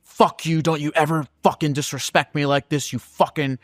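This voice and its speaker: A man's voice: a little high, flat delivery, normal speed, no room sound, clean studio sound, natural voice. A man acting out a huge raging father. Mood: furious. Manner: shouting threats, swearing. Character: huge enraged man screaming at his young daughter.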